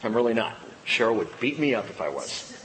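A middle-aged male pastor preaching a sermon, swinging from excited high exclamations to low, earnest emphasis. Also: fairly quick, reverberant, background noise.

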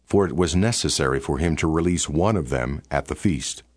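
A man narrating a Bible passage in a steady, formal storytelling cadence. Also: a bass voice, a little fast, no room sound, studio quality. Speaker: scripture narrator. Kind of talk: scripted Bible reading.

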